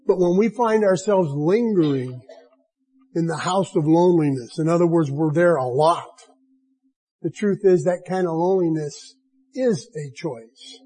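Slow, mellow-voiced male preacher. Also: high-pitched, husky, rough recording. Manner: slow, earnest preaching with emphatic swells. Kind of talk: sermon.

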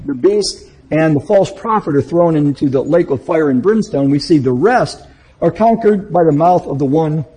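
A man with a dark, mellow and deeply husky voice that sits a little high for a man. He works through a Bible book verse by verse, reading each passage aloud and then explaining it. His talk is plain and unscripted, full of restarts and small self-corrections. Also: lively intonation, normal speed, rough recording. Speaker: Bible teacher.

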